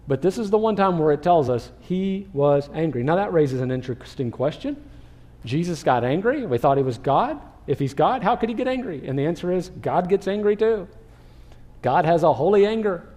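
A male pastor delivering a sermon in a dark, mellow voice that sits fairly high for a man. He preaches with animation and now and then acts out what people in the story say.

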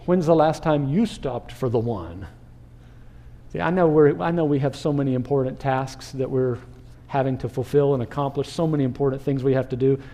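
A man preaching a sermon as pastor, animated, asking the listeners questions and acting out crowd voices. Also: medium pitch.

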